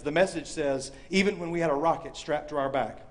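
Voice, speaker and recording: High-pitched guy preaching, super animated, loud then hushed, does voices. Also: a little fast. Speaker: speaker. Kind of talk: sermon. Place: university chapel or hall with audience.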